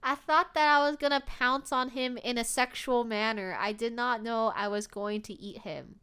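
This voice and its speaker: A young adult woman streaming a game, reading aloud and chatting in an excitable, giggly way with some swearing. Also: on the high side, normal speed, a little hiss or hum.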